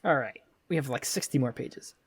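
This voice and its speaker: A man's voice: medium pitch, a little fast, breathy edge, no room sound. A man co-hosting a casual podcast, chatty and laughing often, with a lot of filler words. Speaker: podcast co-host. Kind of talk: casual podcast chat and read-along.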